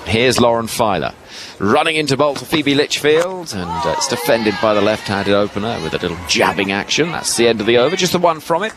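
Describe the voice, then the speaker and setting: A man giving ball-by-ball cricket commentary from a ground's commentary box, lively and rising with each delivery. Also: medium pitch, fairly quick, few pauses. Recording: broadcast with loud ground noise behind.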